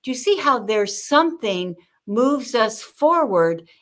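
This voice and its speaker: An older woman, a guest on an interview show, telling lively stories about communication and acting out the people she quotes. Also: fairly high pitch, slow. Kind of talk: conversational interview with storytelling.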